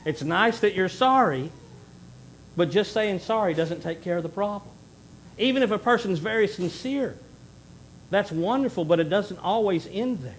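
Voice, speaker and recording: A middle-aged male pastor preaches in earnest with a fairly high voice, pushing points hard and then sinking to a hushed plea. A faint rumble runs under the recording. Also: rough recording. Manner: earnest preaching, swings between loud emphasis and hushed pleading. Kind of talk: sermon.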